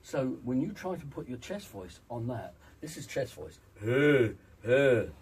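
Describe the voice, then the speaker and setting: A man's voice: medium pitch, sing-song, normal speed, mellow, breathy edge, far from the mic, low-quality recording. A man working as a vocal coach, speaking emphatically in an interview and demonstrating vocal sounds. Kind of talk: interview, teaching voice exercises.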